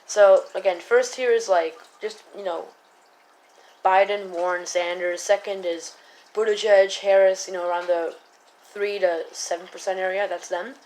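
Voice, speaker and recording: A woman's voice: mid-range voice, fairly even intonation, normal speed, darkish tone, low-quality recording. Rambling, self-correcting female vlogger. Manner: rambling, keeps correcting herself, many fillers. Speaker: political vlogger. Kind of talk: casual commentary to camera.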